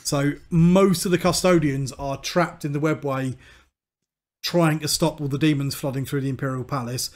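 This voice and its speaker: A man's voice: fairly high pitch, fairly even intonation, normal speed. A man co-hosting a casual podcast, chiming in with side details. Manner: chatty, adds side details. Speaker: podcast co-host. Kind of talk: casual lore chat.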